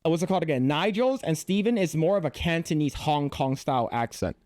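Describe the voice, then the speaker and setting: A man's voice: a little high, fairly quick, a little mellow, no echo, studio quality. A man streaming casual reaction commentary, rambling and repeating himself as he talks. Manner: rambling, repeats words, frequent laughs.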